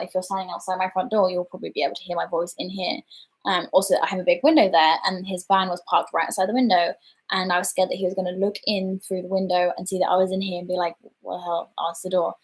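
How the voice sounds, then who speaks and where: A woman's voice: fairly low pitch, steady tone, fast. A woman chatting casually on a livestream, telling an embarrassing story with lots of fillers and self-deprecation. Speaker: livestream host.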